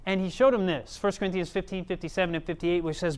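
A man's voice: high-pitched, fairly even intonation, fast, few pauses, smooth. A man preaching a sermon in a conversational way, often checking in with the audience.

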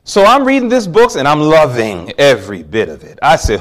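A man preaching a sermon, telling a personal story with animated swings from hushed asides to loud exclamations. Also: on the high side, a little fast, few pauses.

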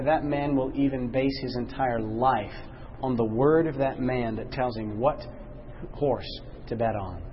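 A man leading a Bible study class, questioning his listeners and slowing down and dropping low to stress a point. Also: muffled recording, a little hiss or hum. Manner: questions the class, slows and drops low for emphasis.

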